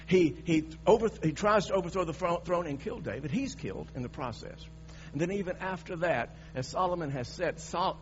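A male preacher delivers his sermon with emphatic, dramatic force, often stumbling and restarting mid-sentence. His voice sits a bit high for a man. The recording is dull and muffled, with a faint mains hum underneath.

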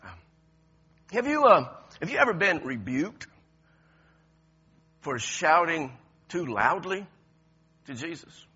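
A man preaching a sermon, moving from quiet, intense passages to loud shouted ones, often laughing as he talks. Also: fairly high pitch, very animated, takes it slowly, long pauses, husky. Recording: lo-fi, dull sound.

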